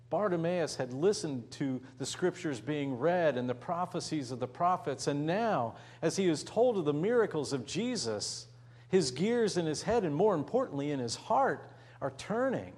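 A man preaching with a lively, swooping delivery, acting out the voices in the story he tells. His voice sits a little high for a man, and he shifts from loud calls down to hushed, almost whispered words. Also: slightly rough. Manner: dramatic, acts out voices, drops to near whisper. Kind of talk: sermon storytelling.

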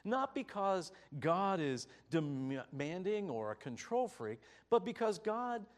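A man preaching a sermon, telling a story with animated, emphatic delivery. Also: high-pitched, slow pace. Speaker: pastor.

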